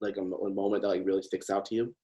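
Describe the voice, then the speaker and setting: Low-voiced male interview host. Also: level tone, very fast, warm tone. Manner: brief, supportive prompts. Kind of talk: interview questions.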